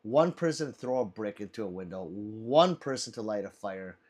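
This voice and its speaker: A man's voice: lowish voice, animated, normal speed, darkish tone. A man hosting a casual livestream, reading chat aloud, laughing often and swearing freely.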